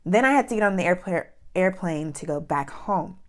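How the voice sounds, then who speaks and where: A young woman vlogger tells a personal story in a casual, chatty way. Her voice sits a little low for a woman, and she acts out other people's lines with lots of "like" fillers. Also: moderate pace. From New York. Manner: animated, with many "like" fillers and acted-out quotes.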